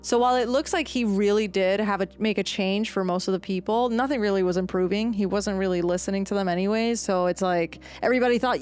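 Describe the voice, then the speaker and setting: A woman's voice: mid-range voice, fast talker, hardly any pauses, darkish tone, clean tone. A young adult woman co-hosting a casual history podcast, telling the story animatedly, slipping into voices and laughing often. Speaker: podcast co-host.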